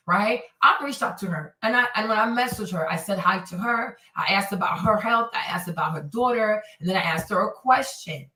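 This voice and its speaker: A woman from Northern Virginia hosts a casual opinion show, her voice bright and fairly high. She tells stories with indignant, animated energy and plays out other people's lines. The sound is roomy and echoey, with the mic set a little away from her. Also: moderate pace. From Northern Virginia, USA. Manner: animated, indignant storytelling with acted-out quotes. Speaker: commentary show host. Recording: echoey room, voice a bit far from the mic.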